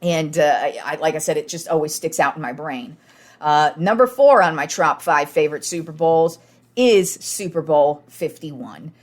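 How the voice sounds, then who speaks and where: Young woman, sports podcast host, slightly low voice, excitable and foul-mouthed. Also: moderate pace. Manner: excited, swears freely, acts out players' words. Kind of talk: casual sports talk.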